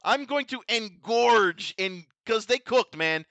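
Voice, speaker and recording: Man, fan commentary, gushing, emphatic, repeats himself, swears, high bright voice, dry close sound. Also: expressive, takes it slowly, no echo, dull audio. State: emotional, overwhelmed. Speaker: vtuber host reviewing a tokusatsu episode.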